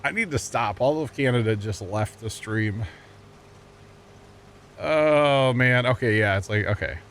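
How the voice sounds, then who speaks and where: A man's voice: medium pitch, a little slow, a bit bright, a little hiss or hum. A man from the United States live-streaming a farming game, chatting casually with his viewers in a rambling, jokey way and laughing often at his own puns. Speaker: livestreamer. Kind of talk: casual chat with viewers while gaming.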